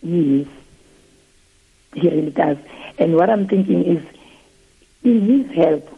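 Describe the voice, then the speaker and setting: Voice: medium pitch, slow, breathy edge. A trustee from South Africa calling a radio show, speaking earnestly and reflectively. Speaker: caller, trustee. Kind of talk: impassioned phone-in comment. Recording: tinny phone line.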